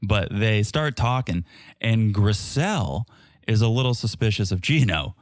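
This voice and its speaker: A man's voice: fairly low pitch, lively intonation, unhurried, no room sound, studio quality. A man co-hosting a podcast, recapping a reality show with wry, sarcastic commentary. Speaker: podcast co-host. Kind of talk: casual recap chat.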